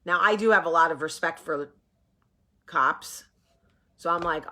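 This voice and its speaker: A woman's voice: low voice, normal speed, pauses often, bright, forceful tone. A woman from New Jersey in her forties, chatting casually to camera and acting out the people in her stories. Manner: chatty storyteller, acts out voices in anecdotes. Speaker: vlog host. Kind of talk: casual morning chat to camera.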